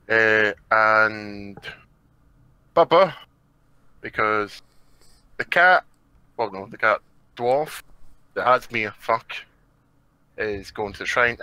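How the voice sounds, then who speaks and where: A man narrating a tabletop game as game master, low-pitched but bright in tone. He wanders through his narration with ums and restarts, recorded dry and close. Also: no room sound, poor audio. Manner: rambling, hesitant, many fillers.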